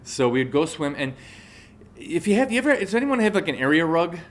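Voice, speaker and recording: A man in his forties gives a live motivational talk, telling a personal story and often checking in with his audience. His voice is a little high, sing-song, and a little fast.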